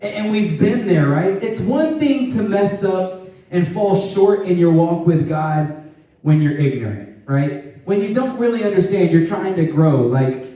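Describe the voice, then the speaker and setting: A man preaching a lively youth sermon, animated and conversational, with tag questions and laughing asides. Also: high voice, a little slow. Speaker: youth pastor. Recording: echoey hall, distant mic.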